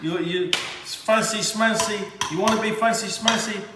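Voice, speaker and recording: A man's voice: high-pitched, steady tone, a little slow, very noisy. A man hosting a home cooking demonstration, theatrical and exuberant, talking straight to his viewers. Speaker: cooking show host. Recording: very echoey kitchen with long reverb.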